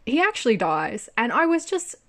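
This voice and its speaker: A woman giving a casual spoken review of a TV drama, animated and exasperated, swearing freely and laughing often. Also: fairly high pitch, normal speed.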